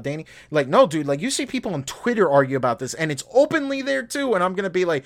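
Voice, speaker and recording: A man's voice: sits high, very animated, fast talker, hardly any pauses, fairly bright tone. A man co-hosting a podcast, talking bluntly with lots of swearing and heated opinions. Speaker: podcast co-host. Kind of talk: casual podcast chat.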